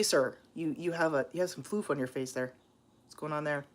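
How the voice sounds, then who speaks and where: A woman with a lowish, somewhat dark voice speaks fairly quickly with lively intonation. She's vlogging casually at home, chatting to camera with her viewers and talking to her cats, using plenty of fillers.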